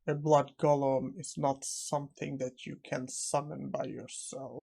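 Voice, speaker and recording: A man's voice: medium pitch, flat delivery, unhurried, vocal fry, dark tone, breathy edge. A man reading as a cold, confident necromancer.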